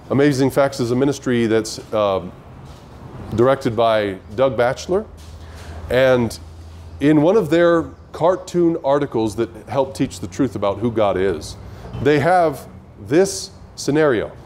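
Male Bible teacher, somewhat high voice, emphatic, keeps asking the audience questions. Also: mellow, slight background noise. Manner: emphatic, asks rhetorical questions. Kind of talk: online Bible study teaching.

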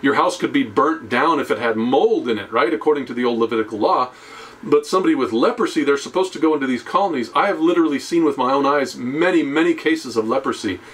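A man giving a conversational sermon, often checking in with "okay?" and "right?" and slowing down to a hushed tone on key phrases. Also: medium pitch, lively intonation. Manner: conversational preaching with tag questions. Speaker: preacher.

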